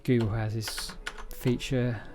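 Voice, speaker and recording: A man's voice: medium pitch, flat delivery, takes it slowly, over music. Rambling, self-mocking male streamer. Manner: rambling, self-mocking, stumbles over words. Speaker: livestreamer reading a programming book. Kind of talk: casual live-coding walkthrough.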